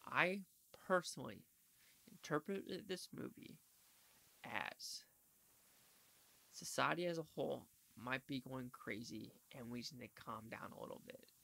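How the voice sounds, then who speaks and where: A man's voice: mid-range voice, creaky, pushed and bright, dry recording. A man giving a casual, rambling movie review, slangy and swearing freely.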